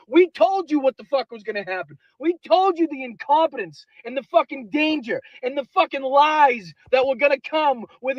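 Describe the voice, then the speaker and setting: A tradesman yelling an angry rant full of swearing. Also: very high-pitched. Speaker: tradesman posting a video rant. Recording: dull lo-fi clip.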